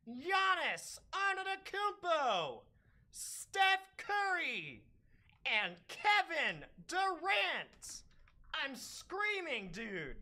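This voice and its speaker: A woman hosting a live card break, hyped and shouting player names as cards come out. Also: extremely high pitch, wildly swooping pitch, very slow.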